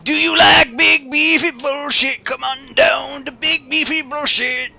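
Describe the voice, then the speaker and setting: A man putting on a crude, hyped male infomercial announcer with a drawn-out hard-sell pitch. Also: fairly even intonation, vocal fry, sharp tone, soft background music, full character voice.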